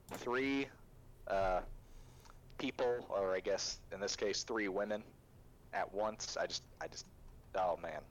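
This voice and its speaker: A young man casually recapping an anime, laughing and filling in quick character voices as he retells scenes. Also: lowish voice, rough recording.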